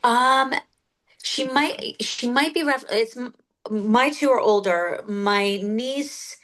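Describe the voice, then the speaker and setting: A woman's voice: on the high side, slow. Middle-aged woman, emotional guest. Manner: warm, emotional, laughs readily. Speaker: guest receiving a reading. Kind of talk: casual conversation.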